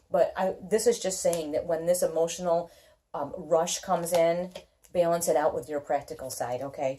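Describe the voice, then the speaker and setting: A woman's voice: lowish voice, mellow. A woman doing a casual tarot reading, chatty and reassuring, often checking in with "okay?". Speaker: tarot reader.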